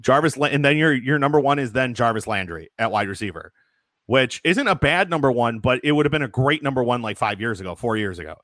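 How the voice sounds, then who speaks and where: Young male podcast co-host, mid pitch, dry close sound, blunt and profane. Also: expressive, quick pace, fairly bright tone, no room sound. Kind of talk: casual sports debate.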